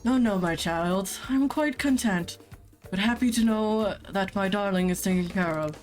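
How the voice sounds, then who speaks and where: A woman putting on a warm, motherly older woman, slow and formal in her words. The voice stays close to the performer's own, with faint game music underneath. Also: medium pitch, lightly acted. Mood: content.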